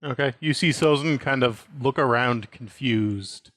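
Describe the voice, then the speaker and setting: A man's voice: medium pitch, a little slow, fairly bright tone, no room sound. A man narrating as game master of a tabletop role-playing game, easygoing, with fillers.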